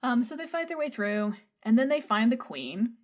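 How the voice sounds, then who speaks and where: A woman's voice: a little high, big pitch swings, normal speed. Casual, profane woman retelling a film. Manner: profane, chatty, digressive storytelling. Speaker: podcast co-host.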